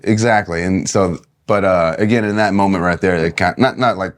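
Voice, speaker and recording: A man from Kentucky, a guest wrestler on a podcast, telling stories in a lively way with frequent laughs and restarts. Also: sits low, brisk. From Kentucky, USA. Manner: animated, laughing, many restarts. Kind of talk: casual podcast interview storytelling.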